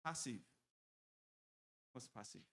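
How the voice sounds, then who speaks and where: A man's voice: slow pace, fairly bright tone. A man speaking at a church marriage seminar in a conversational way, explaining things with everyday examples.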